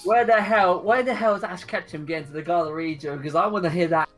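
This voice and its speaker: A man's voice: sits high, fast talker, a bit bright, faint music behind. A man as a guest on a casual gaming podcast, wry and laid-back. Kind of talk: casual chat.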